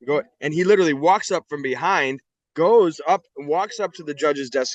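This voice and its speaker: A man's voice: on the high side, normal speed, dry recording. A middle-aged man from the United States recounts his story as an interview guest, blunt and profane, acting out the other people in it as he goes. The recording is dull and lo-fi, and dry with no room sound. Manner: blunt, profane, animated retelling. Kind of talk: candid storytelling.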